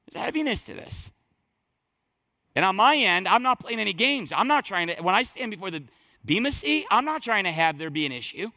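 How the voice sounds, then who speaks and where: A man preaching a sermon to his congregation, talking straight to them with emphatic, conversational delivery that drops low and surges back up. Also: big pitch swings, fairly quick, pushed and bright. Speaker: pastor. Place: church sanctuary.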